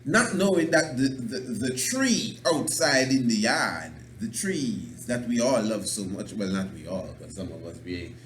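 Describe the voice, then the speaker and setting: An Antiguan man holds forth on talk radio in a preachy, emphatic way. He loops back over his words, restarts lines and lets out little chuckles, all at a middling pitch. The room rings with a roomy echo and a faint hiss behind him. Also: lively intonation, measured pace, hardly any pauses. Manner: loose, repeats and restarts words. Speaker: radio show host. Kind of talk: animated talk-radio monologue.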